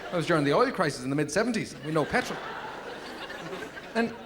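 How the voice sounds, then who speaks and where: Irish guy doing stand-up, rattles along fast, deadpan rambling bits, old vhs tape with hiss. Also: crowd noise. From Ireland. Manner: deadpan, rambling storytelling with sudden high yelps. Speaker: stand-up comedian. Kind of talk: live stand-up comedy. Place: packed theatre with laughing audience. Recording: 1990s VHS tape with audible noise.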